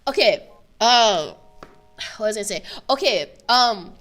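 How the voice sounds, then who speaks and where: A young woman from Canada chatting casually on a livestream, giggly and full of fillers, often bursting into high laughter, in a room with a buzzing air conditioner. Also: lively intonation, measured pace, a bit bright. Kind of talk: casual stream chat.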